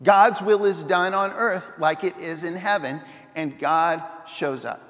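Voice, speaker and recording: A pastor with a notably high voice, preaching in a lively storytelling manner. He trips over and restarts his phrases, and a long reverb from a large church hall trails after his words. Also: a little slow. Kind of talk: sermon.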